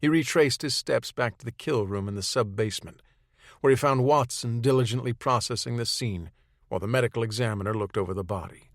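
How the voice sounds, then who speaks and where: A male narrator reads a third-person audiobook chapter, steady and matter-of-fact. His pitch is ordinary for a man. The recording is dry and close, with no room sound. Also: fairly quick, dry recording.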